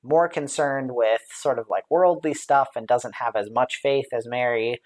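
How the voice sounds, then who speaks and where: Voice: medium pitch, normal speed, a little mellow. A Bible study leader on a live stream, thinking aloud with lots of fillers and light laughs, and answering viewer comments as they come in. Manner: reads out viewer comments and responds to them.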